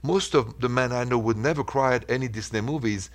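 A man's voice: mid-range voice, fairly quick, few pauses. A man with a French accent hosting a call-in radio advice show, earnest and reassuring. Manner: earnest, reassuring, speaks in short coaching phrases. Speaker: radio relationship advice host.

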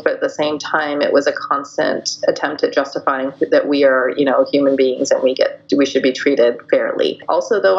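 A woman's voice: low-pitched, creaky, lo-fi sound. A middle-aged woman from Iran, a podcast guest telling personal stories candidly and acting out what others said. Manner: candid storytelling, acts out quoted voices. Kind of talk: podcast interview.

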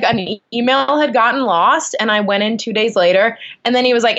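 A young woman telling a story in a casual chat, animated and full of fillers. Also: fairly high pitch, brisk, few pauses. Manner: animated, lots of likes and ums. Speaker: guest. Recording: dull lo-fi sound.

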